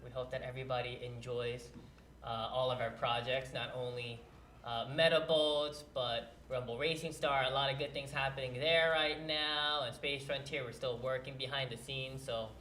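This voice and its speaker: Male stream host, bright and pushy tone, muses aloud as he plays; echoey room. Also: mid-range voice, steady tone, normal speed, slight background noise. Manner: curious, thinks aloud while playing. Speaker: livestream host. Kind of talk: casual gameplay chat. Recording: roomy echo.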